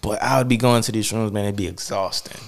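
A man with a fairly low voice, chatting casually in an interview. He talks in a loose, reflective way and scatters filler words through his thoughts. His delivery sounds like a relaxed back-and-forth with a host. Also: quick pace, creaky. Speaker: podcast creator.

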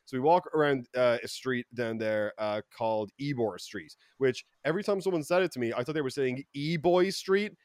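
A young Irish man telling stories in casual podcast chat, rambling and swearing, with lots of fillers and loud outbursts. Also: mid-range voice, moderate pace, few pauses, no room sound. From Ireland. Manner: profane, rambling, many fillers and restarts, loud bursts when excited. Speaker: podcast co-host.

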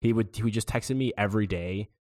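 A young man with a lowish voice tells a loose, rambling story on a podcast. His talk is relaxed and casual. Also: fast. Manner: laid-back rambling storyteller. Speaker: podcast co-host. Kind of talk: casual chat.

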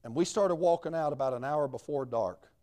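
A man's voice: a little high, brisk, dark tone. A man, a missionary preacher telling his story in a sermon in a folksy, plain-spoken way.

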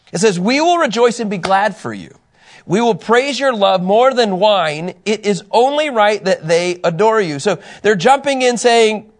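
A middle-aged man teaching a Bible class in a casual, animated way, telling personal stories and laughing at himself. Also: high-pitched.

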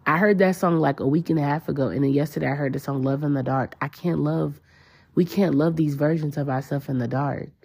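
A woman's voice: low-pitched, fairly quick, gravelly, darkish tone, breathy edge. A woman hosting a spiritual podcast, talking in a casual, emotional and slangy way, often repeating herself. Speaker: podcast host.

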